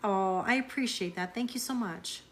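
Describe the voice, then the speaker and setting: A woman's voice: mid-range voice, normal speed, slight background noise. A woman hosting a tarot live stream, chatting casually with viewers, answering their comments and laughing often. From Canada.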